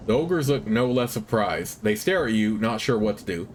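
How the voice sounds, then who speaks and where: A man narrates a fantasy game, reading its text aloud in a measured, even voice. His pitch sits in the ordinary middle range. Faint ambient noise sits underneath. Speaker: let's play host.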